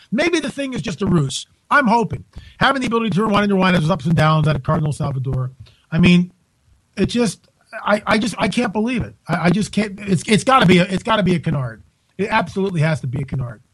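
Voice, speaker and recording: A man hosting a call-in radio show, talking in an incredulous, exclaiming way with quick asides, from home. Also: high voice, a bit bright, no room sound, poor audio. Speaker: radio talk show host.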